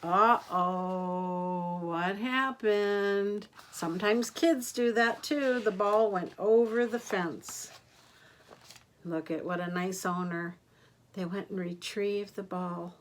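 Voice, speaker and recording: An older woman, a grandmother, reading picture books aloud to children in a gentle, expressive way, gasping and asking them questions. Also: medium pitch, takes it slowly, a little hiss or hum. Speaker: grandmother storyteller.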